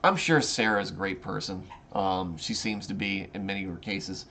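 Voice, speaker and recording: Low-voiced man reading and discussing scripture. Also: normal speed, bright, forceful tone, a little hiss or hum. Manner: reads scripture then comments informally, with restarts. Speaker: Bible study host. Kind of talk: casual Bible reading and commentary.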